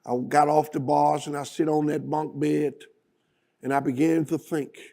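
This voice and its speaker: A male guest speaker telling a story in a dramatic, deliberate manner. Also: on the high side, flat delivery, creaky, warm tone. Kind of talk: storytelling speech.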